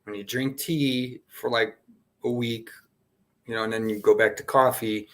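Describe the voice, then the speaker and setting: A man's voice: medium pitch, fairly even intonation, normal speed, a bit bright. Man, spiritual session host; loose, playful, wandering delivery with frequent laughs. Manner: playful, laughs often, jumps between topics. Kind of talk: casual rambling spiritual talk.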